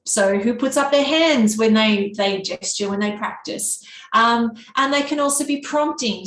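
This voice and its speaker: A woman with a nasal Australian East Coast accent presenting a teacher workshop in an easy conversational way. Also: fairly high pitch. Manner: can be monotone; conversational, with fillers and restarts. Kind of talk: workshop talk. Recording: echoey room with faint background noise.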